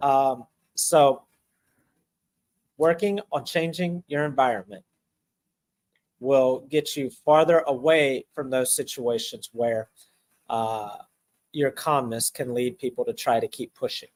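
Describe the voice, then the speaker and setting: A man's voice: mid-range voice, fairly even intonation, takes it slowly, pauses often, a little mellow. A man in a casual podcast conversation, talking animatedly with frequent restarts and repeated words.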